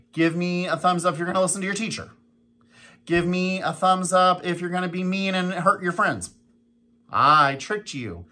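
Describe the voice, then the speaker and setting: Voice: mid-range voice, sharp tone. An elementary school principal giving the morning announcements, addressing young children in a coaxing, teacherly way and repeating pleas and instructions for emphasis.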